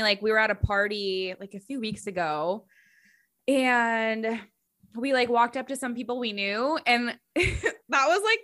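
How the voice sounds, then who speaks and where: A woman's voice: on the high side, bright, forceful tone. A young married woman co-hosting a casual podcast, chatty and full of fillers, laughing often. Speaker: podcast co-host.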